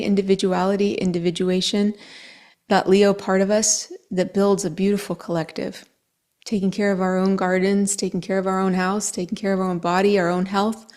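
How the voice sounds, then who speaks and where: A woman astrologer speaking to her viewers in an earnest, emotional monologue that sometimes drops to a soft whisper. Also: medium pitch. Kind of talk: reflective monologue to camera.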